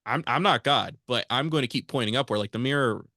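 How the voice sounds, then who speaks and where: A man's voice: medium pitch, fairly quick, no echo. Guy on a podcast, earnest, acts out what people said to him, dry close mic. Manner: earnest, animated, acts out quoted exchanges. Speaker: podcast guest. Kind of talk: casual conversational interview.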